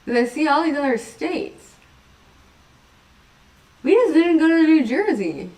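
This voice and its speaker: A woman's voice: sits high, sing-song, unhurried, a little mellow, recorded from a distance. A woman hosting a casual livestream chat, rambling from topic to topic, giggling often and poking fun at herself. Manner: giggly, rambling, self-mocking. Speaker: livestream host.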